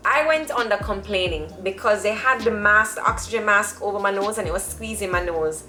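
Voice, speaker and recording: A woman telling a personal story to camera in a chatty, animated way, acting out the people in it. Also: medium pitch, brisk, echoey room, soft background music. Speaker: vlogger.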